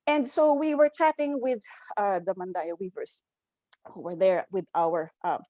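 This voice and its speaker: A Filipino anthropologist in her fifties, raised in Quezon City, Philippines, tells stories on an academic roundtable panel, often tagging on "right?" and mixing in Tagalog phrases. Her mid-range voice is mellow and unhurried, with no echo.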